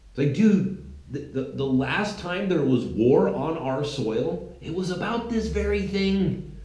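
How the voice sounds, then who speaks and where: A man's voice: a little high, animated, unhurried, darkish tone, echoey room, rough recording. A middle-aged man from California hosting a political commentary show, talking in an emphatic opinionated monologue with many restarts.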